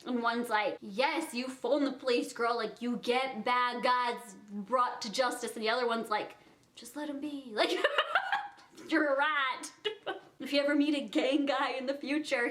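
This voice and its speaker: A young woman in her twenties telling a storytime vlog, animated and giggly, acting out the quotes. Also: high-pitched. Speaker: vlogger.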